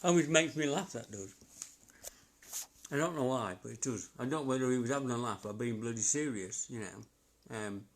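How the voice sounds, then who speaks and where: During a casual live stream, a male psychic medium rambles haltingly and chuckles to himself. His voice is medium in pitch, and there's a slight hiss or hum on the audio.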